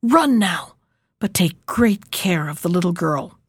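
A woman's voice: lowish voice, expressive, a little slow, husky, no echo, studio quality. A woman voicing a fierce, bossy little robber girl in a storybook reading, with a commanding, threatening manner.

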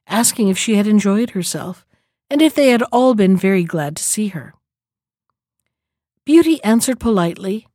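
A woman calmly reading a fairy tale aloud in a measured storybook manner. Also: mid-range voice, no room sound, clean studio sound.

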